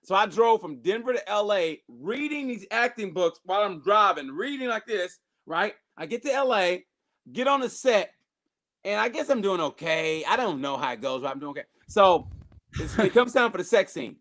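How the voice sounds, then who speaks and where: A man telling a long, profane story in casual podcast chat, animated and full of restarts and acted-out quotes. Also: high voice, normal speed.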